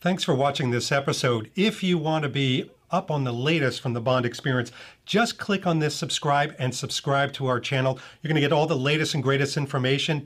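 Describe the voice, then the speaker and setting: A man's voice: fairly high pitch, a bit bright. A man hosting an interview, effusive and encouraging toward his guest, then signing off for his channel. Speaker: host. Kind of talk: casual interview, channel sign-off.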